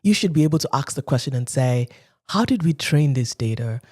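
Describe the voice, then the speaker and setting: A woman's voice: very deep voice, expressive, fairly quick, a little mellow. Woman from nigeria, 30s, chatty storyteller, acts out quotes, laughs a lot. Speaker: guest. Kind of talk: casual interview talk.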